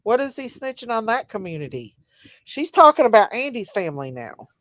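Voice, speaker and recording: A woman's voice: a little high, very animated, a little fast, a bit bright, no echo, low-quality recording. A woman, chatting casually as livestream host and answering her chat. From Kentucky. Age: 40s.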